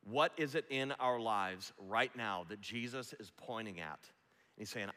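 A man's voice: on the low side, a little slow, bright, forceful tone. A man preaching a sermon as pastor, impassioned and building to a rousing call. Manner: impassioned, preacherly, acts out quotes. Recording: long echo of a large hall.

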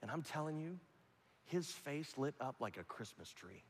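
Impassioned preacher in a big hall. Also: male voice, on the high side, very animated, moderate pace, a little hiss or hum. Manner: preaching, swinging from loud rising appeals to hushed near-whispers. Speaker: pastor. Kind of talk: sermon. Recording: long reverb of a large hall.

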